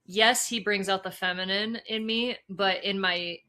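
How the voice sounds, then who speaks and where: A woman co-hosting a podcast in casual chat, animated and laughing, swearing freely as she tells stories. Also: medium pitch, unhurried. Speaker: podcast co-host.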